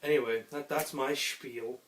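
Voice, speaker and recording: A man's voice: medium pitch, fairly even intonation, a little slow, fairly bright tone, slight background noise. A young man co-hosting a casual chat, grumbling profanely about a store. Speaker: podcast co-host. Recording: echoey room.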